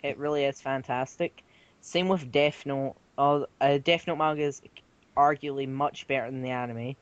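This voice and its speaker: A man chatting casually about manga and anime with friends, now and then breaking into loud mock voices. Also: fairly even intonation, moderate pace, smooth, no room sound, dull audio. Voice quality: slips into loud high-pitched mock voices. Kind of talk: casual chat.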